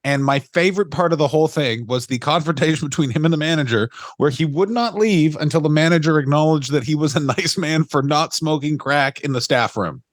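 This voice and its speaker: A man co-hosting a podcast in casual chat, animated, swearing and quoting people in his anecdotes. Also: a little high, fairly quick, few pauses, no echo, studio quality. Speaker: podcast co-host.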